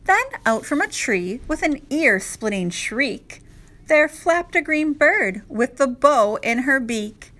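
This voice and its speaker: A woman teacher reading a rhyming picture book aloud to children, slow and expressive. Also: high-pitched. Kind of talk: children's read-aloud narration.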